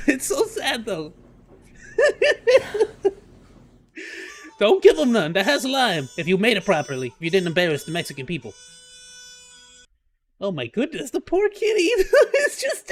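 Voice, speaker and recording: A man live-streaming, reacting to clips with excitable jokes and frequent laughter. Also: high voice. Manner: excitable, joking, laughs often.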